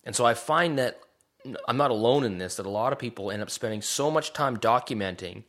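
A man's voice: medium pitch, animated, a little fast, fairly bright tone. A man co-hosting a podcast in casual chat, rambling and self-deprecating, trailing off and restarting his sentences. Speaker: podcast co-host. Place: Vancouver area.

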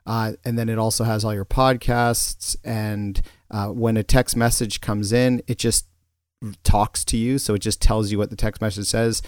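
A man co-hosts a podcast, chatting casually and rambling with plenty of restarts and fillers. His voice is fairly low with a level tone and a moderate pace, recorded at studio quality with no room sound.

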